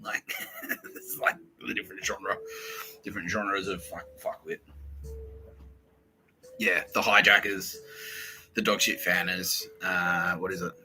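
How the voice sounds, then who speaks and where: A man's voice: sits low, little pitch movement, unhurried, pauses often, bright, forceful tone, a little hiss or hum, low-quality recording. A man with an Australian accent hosting a rambling, profane comedy podcast, laughing at his own jokes and slipping into mock voices for bits. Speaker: podcast host.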